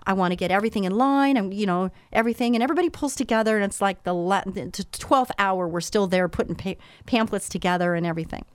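A middle-aged woman speaks with earnest, heartfelt conviction, giving a motivational talk rooted in faith. Her voice sits at a middle pitch, and the recording is dry and close, with no room sound. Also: fast, hardly any pauses, clean tone, no echo. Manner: earnest, faith-filled, emotional storytelling. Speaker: business owner and coach.

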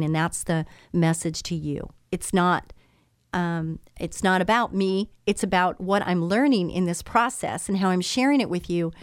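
Middle-aged woman, motivational speaker, earnest and faith-driven, dry close sound, middle pitch. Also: dry recording. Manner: earnest, faith-filled, emotional storytelling. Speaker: business owner and coach. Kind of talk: motivational talk.

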